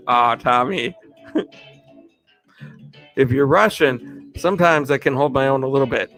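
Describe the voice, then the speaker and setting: A man's voice: medium pitch, slow, long pauses, fairly bright tone, soft background music. A man hosting a live stream, greeting viewers by name in an upbeat, chatty way and laughing often. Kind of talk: casual live stream shout-outs.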